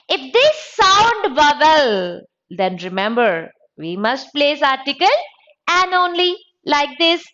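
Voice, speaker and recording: A woman teaching an exam-prep grammar lesson, repeating each sound slowly to drill it. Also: high-pitched, bright, forceful tone. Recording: dull lo-fi audio.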